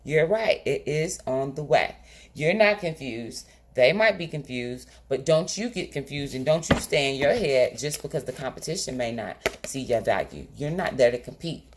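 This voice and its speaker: A woman's voice: rumbling low, lively intonation, moderate pace, slight background noise. A woman doing a tarot reading straight to her viewers, in a casual, colloquial style. She is emphatic and often stops to check in with "okay?". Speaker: tarot reader. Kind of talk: direct-to-camera tarot reading.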